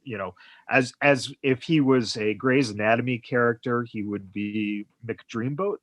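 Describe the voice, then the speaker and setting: Man, podcast host, medium pitch, rambling with fillers, dry close sound. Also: a little slow, a bit bright, no echo. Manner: rambling, heavy on "you know" fillers. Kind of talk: casual podcast interview.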